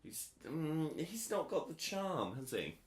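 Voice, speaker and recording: A man's voice: fairly high pitch, big pitch swings, slow pace. A man co-hosting a film podcast in casual chat, teasing and arguing, often laughing. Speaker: podcast co-host. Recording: echoey room.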